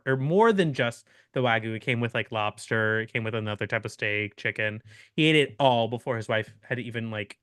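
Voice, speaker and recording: A young man hosting a podcast, telling a long story in an animated, laughing way with many restarts. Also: mid-range voice, no echo, studio quality. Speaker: podcast host. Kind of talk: casual storytelling chat.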